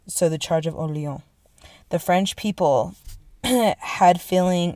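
A young woman, her voice sitting a little low, tells a history story casually and excitedly. She swears freely and fills her talk with "like" and "right?". The sound is dry and close. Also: no room sound. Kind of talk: casual profane history retelling.

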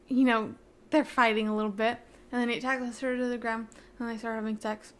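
A young woman hosts her own podcast, recapping a book in a rambling, gushing manner packed with "like." Her voice is on the high side, delivered flatly at a normal speed.

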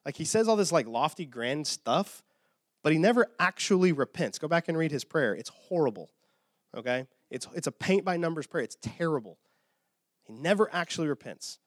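A man preaching a sermon as a pastor, retelling a story in an animated, casual way with frequent "okay?" checks, a little tired from short sleep. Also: fairly high pitch, normal speed, no room sound, studio quality.

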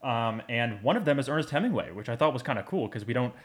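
An enthusiastic man co-hosts a podcast in loose, casual chat. His voice sits at a middling pitch, and he rambles, packing his talk with fillers. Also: animated, fast talker. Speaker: podcast co-host.

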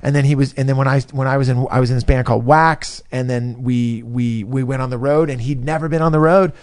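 A man's voice: medium pitch, fast. A man from California, a comedian, telling a long casual story in a podcast chat and acting out his friends' lines. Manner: animated, acts out quoted friends, swears freely.

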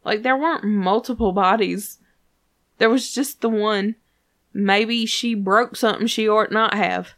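A woman's voice: medium pitch, unhurried, a bit bright. A woman co-hosting a casual chat about a TV episode, profane and laughing often. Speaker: podcast co-host.

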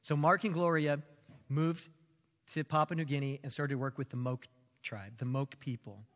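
A man preaching a sermon as a pastor, telling a story with animated, rising emphasis. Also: fairly high pitch, moderate pace, big-room sound.

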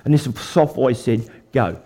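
Australian man, older, folksy testimony sermon, slightly high voice. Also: brisk. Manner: folksy storytelling, lively with the crowd. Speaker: preacher.

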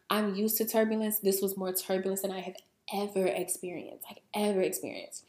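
Woman, podcast host, casual storytelling, slangy, animated, roomy echo. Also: mid-range voice. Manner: animated, slangy, swears, laughs often. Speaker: podcast host and spiritual coach.

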